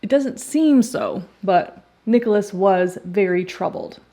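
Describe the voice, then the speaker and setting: A woman hosts a casual true crime vlog and walks through the case while doing her makeup. Her delivery is playful and conversational, with jokey asides and little laughs. Her voice sits at an ordinary middle pitch. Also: takes it slowly, mellow. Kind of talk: chatty true crime storytelling.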